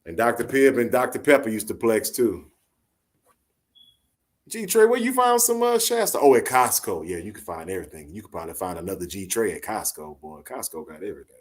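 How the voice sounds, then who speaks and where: A man hosting a live late-night talk show, chatting casually with a soft-spoken, laid-back, joking manner over a phone line. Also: on the low side, sing-song, a little fast. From Orange, Texas. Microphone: phone call into live audio show.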